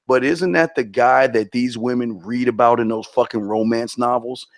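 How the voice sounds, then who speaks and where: A man co-hosting a casual podcast, talking in a brash, emphatic, profane way. His voice sits at an ordinary middle pitch. The recording is dry and close-miked. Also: fairly even intonation, moderate pace, vocal fry, no room sound. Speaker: podcast co-host. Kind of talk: casual crude podcast talk.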